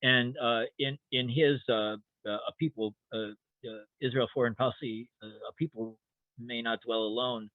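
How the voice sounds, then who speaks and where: An older man, a historian appearing as a guest in an academic webinar, speaks over a video call at a normal speed. His medium-pitched voice has fairly even intonation, and he talks hesitantly with many restarts and fillers. The line sounds tinny and phone-like, with a dry recording.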